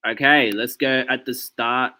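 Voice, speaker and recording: A man's voice: mid-range voice, fairly even intonation, a little slow, sharp tone. A man giving casual reaction commentary straight to his viewers, ranting with many "okay"s and "like"s. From Australia. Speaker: commentary vlogger.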